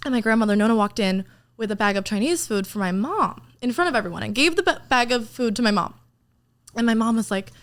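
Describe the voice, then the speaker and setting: Chatty young woman, rambling and animated. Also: on the high side, a little fast. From New Jersey, USA. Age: young adult. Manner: rambling storyteller, frequent "like", swears casually. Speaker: podcast guest. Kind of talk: casual chat.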